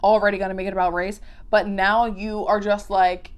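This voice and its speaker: A woman's voice: mid-range voice, level tone, normal speed, hardly any pauses, smooth. A woman giving casual, profane reaction commentary on a documentary, blunt and exasperated. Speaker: YouTube commentator.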